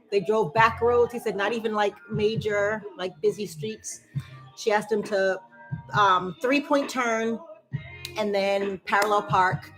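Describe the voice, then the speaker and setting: Here a woman at a measured pace and medium pitch swaps stories with her dance fitness class, chatty and animated, letting out whoops and laughs. Music runs in the background, and the audio quality is poor.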